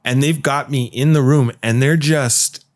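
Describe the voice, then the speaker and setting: A man hosts a podcast and tells a wild work story in loose, swearing chat. His voice sits at an everyday middle pitch, and he keeps the telling animated. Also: unhurried. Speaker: podcast host. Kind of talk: casual storytelling.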